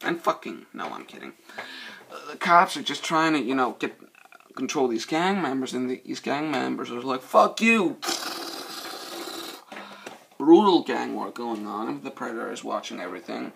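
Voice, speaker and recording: Excitable profane guy with a gravelly voice. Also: mid-range voice, a little fast, slight background noise. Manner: profane, excitable, loses his train of thought. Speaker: movie reviewer. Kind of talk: casual rambling movie review.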